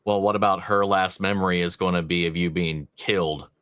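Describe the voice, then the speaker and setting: A man co-hosting a podcast, talking calmly and reflectively. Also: deep voice, fairly quick, dry recording, studio quality. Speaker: podcast co-host. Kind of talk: casual chat.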